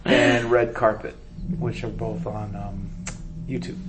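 A man chatting casually, an actor telling an animated story with laughter. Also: on the low side, slow pace. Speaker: comedian and indie film actor.

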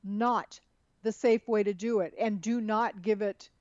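A woman's voice: medium pitch, fairly even intonation, unhurried, a little mellow, no room sound. A woman co-hosting a casual political podcast, chatting and reading quotes aloud with many fillers and restarts. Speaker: podcast co-host. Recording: dull lo-fi sound, dry.

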